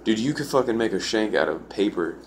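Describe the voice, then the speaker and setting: A man's voice: on the low side, expressive, brisk, a little hiss or hum. A man telling a story in a rambling, casual way, filling his talk with "like" and swearing. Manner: rambling, full of "like" and profanity.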